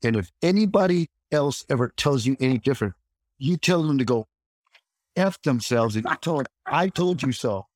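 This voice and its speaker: Brief: man, mid-range voice, animated storyteller who voices the people in his tale, recorded dry and close. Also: medium pitch, normal speed, dry recording. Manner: lively storyteller who acts out quoted dialogue, many restarts. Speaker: actor and martial artist guest. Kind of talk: anecdotal interview storytelling.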